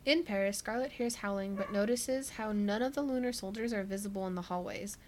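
A woman's voice: medium pitch, a little fast, a little mellow, slight background noise. A woman co-hosting a podcast, recapping a book in a casual chat, who laughs often and says "like" a lot. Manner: chatty, laughs often, many "like" fillers. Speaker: podcast co-host.

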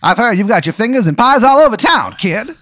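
Man putting on a 1920s detective voice, high and pinched, sneering gangster slang, dry close sound. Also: animated, a little fast, a bit bright, dry recording. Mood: menacing. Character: fast-talking 1920s tough-guy male private eye.

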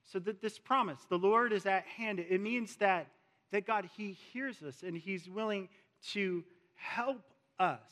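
A male pastor preaching a sermon in a church, slow and emphatic, repeating key words for weight. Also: high-pitched, fairly bright tone. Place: church sanctuary with a screen. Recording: long reverb of a large hall.

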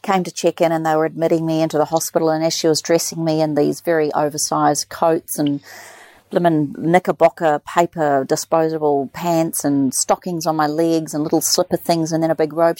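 A woman's voice: deep voice, level tone, brisk, warm tone, dry recording. A middle-aged woman, chatting casually and animatedly telling a personal story, acting out the voices of others. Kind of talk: casual chat.

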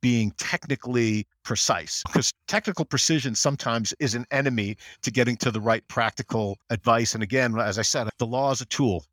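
A middle-aged American man, a general counsel as interview guest, talking in an animated way and acting out quotes. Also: brisk, hardly any pauses, no room sound, studio quality. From United States. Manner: animated storyteller, acts out quotes in higher voice. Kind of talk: conversational interview.

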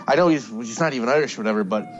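A man in casual chat about a TV show, retelling anecdotes in a relaxed way. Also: mid-range voice, racing. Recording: dull lo-fi audio.

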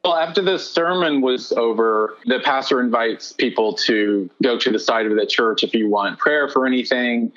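A man telling his personal faith testimony as an interview guest, earnest and animated. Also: mid-range voice, normal speed, hardly any pauses, lo-fi sound.

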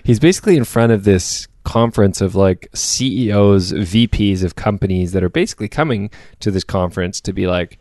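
Low-voiced rambling young man. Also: fairly quick, hardly any pauses, a little mellow, no echo, clean studio sound. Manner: rambling, laughs often, many restarts. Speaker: podcast co-host. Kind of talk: casual chat.

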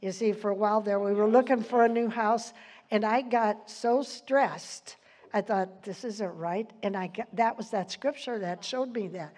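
A woman's voice: medium pitch, normal speed, a little mellow. An older woman giving an informal Bible teaching, chatty, quoting scripture and laughing often.

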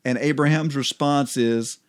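A man co-hosting a casual Bible study chat, relaxed and laughing often as he explains. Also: medium pitch, measured pace, smooth. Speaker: co-host.

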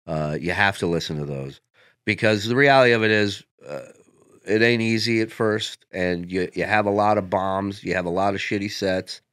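A male comedian on a podcast telling casual, profane stories in an animated way. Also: lowish voice, normal speed, clean tone, no room sound, studio quality. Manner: animated, profane anecdotes with laughs. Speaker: guest comedian.

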